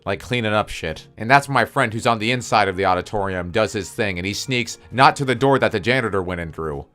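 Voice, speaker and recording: A young man tells a story from his own life in a loose, profane way and keeps joking with mock-spooky asides. His voice sits on the low side, with faint music playing beneath him. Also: brisk, bright, forceful tone. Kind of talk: casual story time.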